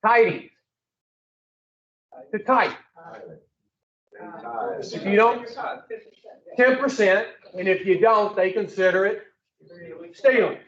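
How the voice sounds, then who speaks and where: A man's voice: high-pitched, takes it slowly, pauses often, fairly bright tone, reverberant, far from the mic, highs cut off. A man giving a blunt, profane recovery talk to a group, telling his story and putting questions to the room. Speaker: recovery speaker.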